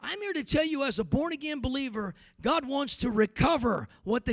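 High gravelly-voiced male pastor preaching. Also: expressive, fairly quick, no room sound. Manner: preachy, builds from quiet to shouting with repeated amens. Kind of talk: sermon.

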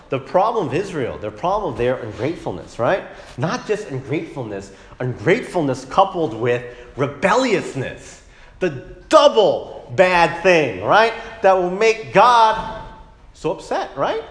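A man in his thirties gives a relaxed Bible lesson in a church room. His voice rises and falls a lot as he checks in with the class after each point. The room is roomy and echoing, with a long tail of reverb. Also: a little high. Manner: casual, tags statements with "right?", acts out family arguments. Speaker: Sunday school teacher.

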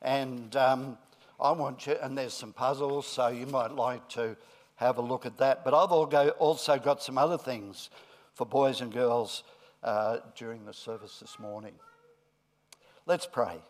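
Slow-speaking male pastor. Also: medium pitch, steady tone. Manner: friendly, coaxing with the children, then deliberate. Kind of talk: sermon with a children's talk.

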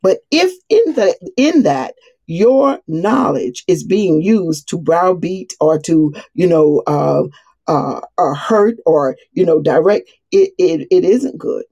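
A woman's voice: fairly low pitch, lively intonation, slow, dark tone, slightly rough, no echo, lo-fi sound. A woman teaching on a morning call, earnest and rambling, often restarting her sentences. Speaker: Bible study teacher. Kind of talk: casual spoken teaching.

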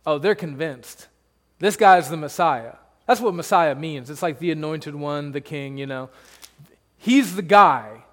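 A man's voice: fairly high pitch, a little slow, in a large hall. A man pastor preaching a sermon, conversational and emphatic, with rhetorical questions to the congregation.

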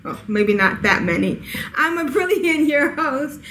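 A woman's voice: high voice, very animated, measured pace, fairly bright tone, slight background noise, rough recording. A woman hosting a casual podcast chat, giggling often between her lines. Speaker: podcast host.

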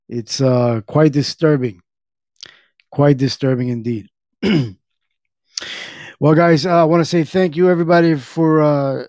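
Dude hosting his podcast, rambly, lots of uhs, kinda dark mellow tone, dry close mic. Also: mid-range voice, dry recording. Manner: rambling, filler-heavy, joking with chat. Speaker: podcast host. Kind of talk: casual chat reading chat and articles.

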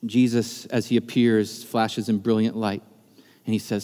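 A male pastor with a warm, lowish voice preaches a sermon in a church sanctuary, his delivery flat and a little slow. He's earnest and builds toward impassioned emphasis, with the long reverb of the church hall in the recording.

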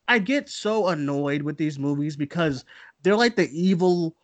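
A man hosting a casual movie podcast, ranting in an animated, exasperated way. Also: fairly high pitch, measured pace. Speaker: podcast host. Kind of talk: casual group chat about movies.

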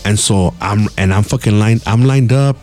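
A man's voice: on the low side, moderate pace, darkish tone, faint music behind. A man who hosts a podcast, telling a rambling, profane story in casual street talk. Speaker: podcast host.

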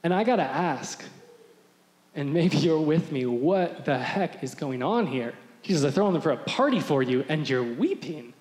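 A man preaching a sermon as pastor, animated and acting out the voices of crowds. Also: a little high, moderate pace. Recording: echoey hall with long reverb.

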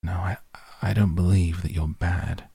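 A man voicing a shy, curious teenage girl in a slow, hesitant, wondering way. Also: low-pitched, vocal fry, mellow, breathy edge, dry recording, exaggerated voice.

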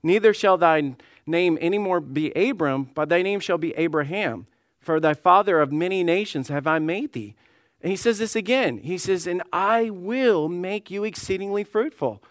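A man's voice: on the high side, expressive, moderate pace, no room sound, studio quality. A man preaching a sermon as lead pastor, reading scripture aloud and often repeating words as he presses his point. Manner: repeats words when emphatic, voices God and Sarah in quotes; reads scripture in old-style wording.

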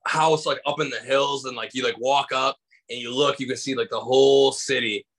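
A comedian from Michigan guests on a casual storytelling interview by video call, loosely rambling, leaning on fillers, and performing quotes. He keeps a moderate pace in a steady, mid-range, slightly bright voice. The recording is rough.

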